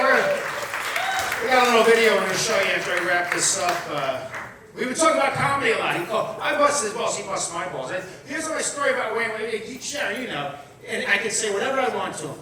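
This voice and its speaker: A man, doing a blunt, profane stand-up comedy set full of asides. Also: high voice. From Long Island, New York. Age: 50s. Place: comedy club or event room with live audience. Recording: echoey room, captured from far off with crowd noise.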